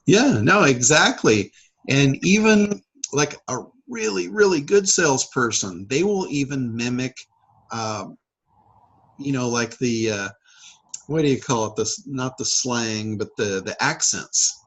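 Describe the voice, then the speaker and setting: A man's voice: mid-range voice, expressive, unhurried, a bit bright, slightly rough, poor audio. A man hosting a casual coaching call, talking in a rambling way with many fillers and restarts. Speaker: public speaker and sales trainer.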